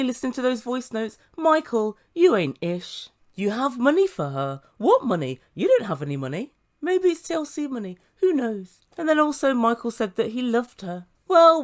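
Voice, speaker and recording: Sarcastic woman reviewing reality TV. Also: a little high. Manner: sarcastic, mimics the people she quotes. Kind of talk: commentary.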